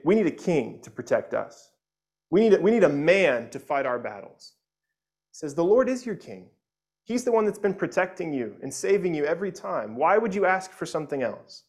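A male pastor preaching a sermon in a loose, conversational way, often restarting his phrases. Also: fairly high pitch.

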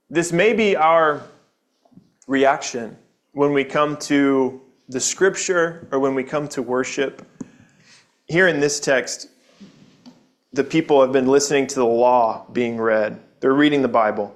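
A man's voice: medium pitch, measured pace. A man giving a sermon in a church, speaking earnestly and conversationally, posing rhetorical questions to the congregation. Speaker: pastor. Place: church building.

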